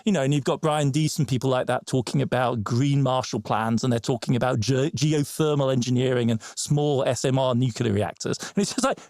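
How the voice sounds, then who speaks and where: A man's voice: medium pitch, steady tone, a little fast, hardly any pauses, darkish tone, no room sound, clean studio sound. A man being interviewed on a podcast, explaining his points emphatically. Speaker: podcast guest. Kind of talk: interview conversation.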